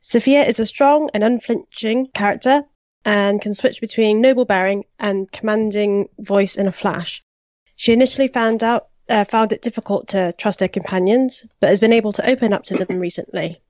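Steady woman reading a prepared intro, dry lo-fi. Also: mid-range voice, normal speed, no echo. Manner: steady, lightly scripted, occasional uhs. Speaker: player introducing her character. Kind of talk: read-out podcast introduction.

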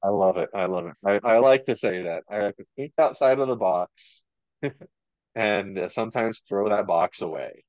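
A man's voice: on the low side, normal speed, no room sound, lo-fi sound. A man hosting an interview, speaking casually with many hesitant fillers. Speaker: interview host.

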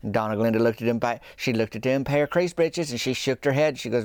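A man's voice: medium pitch, quick pace, hardly any pauses, darkish tone, no echo, studio quality. A man hosting a podcast, telling a comic story in a folksy, meandering, self-deprecating way. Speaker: podcast host.

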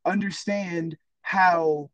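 This teacher's voice sits high, and he speaks extremely slowly on a low-quality recording with no echo. Chatting casually on a podcast, he tells stories with animation and acts out exchanges from his classroom.

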